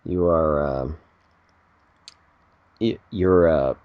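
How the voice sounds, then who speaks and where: Male co-host, very deep voice, dry teasing banter, no room sound. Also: drawn-out words, dry recording, phone-quality sound. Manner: dry teasing quips, laughs often. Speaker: podcast co-host. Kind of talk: casual chat.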